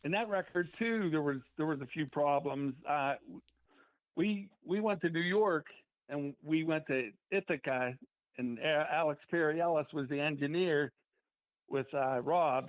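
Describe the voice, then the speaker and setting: A man's voice: on the high side, dry recording. A man guest in an interview telling band stories in a rambling way, acting out what people said. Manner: rambling, acts out quotes from memory. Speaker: musician guest. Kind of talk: casual interview storytelling. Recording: tinny phone line.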